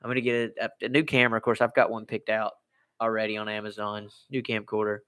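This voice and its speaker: Bright-voiced rambling American man live. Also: lowish voice, little pitch movement, fast talker, clean tone. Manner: rambling, repeats himself. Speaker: livestream host. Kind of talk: casual live chat.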